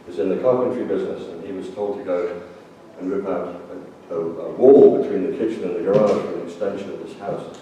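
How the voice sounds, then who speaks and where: A jovial priest delivers a sermon full of jokes and storytelling, his somewhat low voice carrying through a very echoey church. He sits back from the microphone, and noticeable background noise hangs under his words. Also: mellow, far from the mic. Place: church sanctuary.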